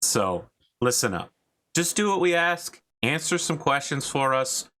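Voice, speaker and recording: A man's voice: mid-range voice, big pitch swings, a little slow, bright, forceful tone, pitched above the performer's own voice. A man doing a curt bad-cop enforcer. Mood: stern. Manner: curt, commanding. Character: stern masked male contractor, the bad cop.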